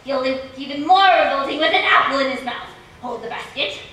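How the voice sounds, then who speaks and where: A woman's voice: high-pitched, fairly quick, sharp tone. A teenage girl playing a cruel, gleeful wicked witch on a school stage, with cackling, sudden shrieks and theatrical delivery. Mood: gloating. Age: teens. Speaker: student actor in a school musical. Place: large school auditorium stage. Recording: echoey auditorium from far off, faint hiss.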